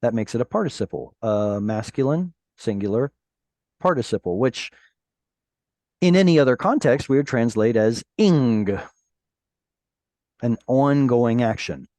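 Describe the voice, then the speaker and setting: A male Hebrew teacher leads an online class, reading verses slowly and explaining grammar with patience. His voice is mellow and mid-pitched. The sound is dry and close. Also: lively intonation, no echo. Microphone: video call.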